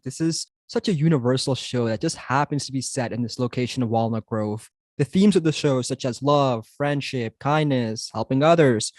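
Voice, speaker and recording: A man's voice: mid-range voice, a little mellow, no room sound, clean studio sound. A man hosting a podcast interview, reading earnest prepared introductions and questions. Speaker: podcast host.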